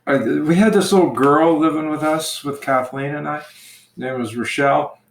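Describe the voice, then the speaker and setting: A man who is a priest, telling a personal story slowly and gently in casual conversation. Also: fairly high pitch, steady tone, gravelly. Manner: slow, gentle storytelling with restarts. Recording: echoey room.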